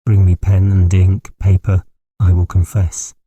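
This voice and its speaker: A man's voice: low-pitched, monotone, measured pace, mellow, husky. A man voicing a delirious, dying middle-aged country squire who raves in frantic terror. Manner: raving, frantic, terror-stricken. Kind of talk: audiobook character voice.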